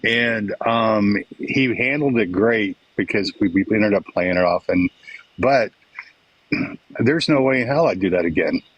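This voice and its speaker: A man speaking in a casual group discussion, his voice husky and low. He tells his story bluntly and with wry humor. The sound is dry, with no room echo. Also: measured pace, muffled recording. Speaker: panel participant.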